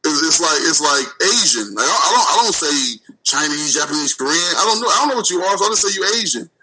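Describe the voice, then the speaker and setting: A man hosting a radio talk show, arguing in animated, repetitive casual chat and acting out little back-and-forth exchanges. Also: on the high side, crowd noise, rough recording. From United States. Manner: animated, repeats words, acts out quick dialogues.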